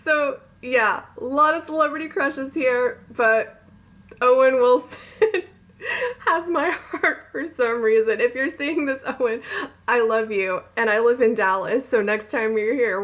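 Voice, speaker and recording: She reads her own romance novel aloud at home in an unhurried, slightly high voice with a bit of brightness, interrupting herself for giggly, rambling, self-mocking chatter. Audio quality is poor.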